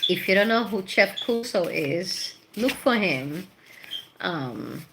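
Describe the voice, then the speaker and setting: A woman's voice: mid-range voice, lively intonation, slow pace, background noise. A middle-aged woman, a tarot reader, chatting casually and rambling with laughs and bits of Spanish slang. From Puerto Rico. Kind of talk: casual chat.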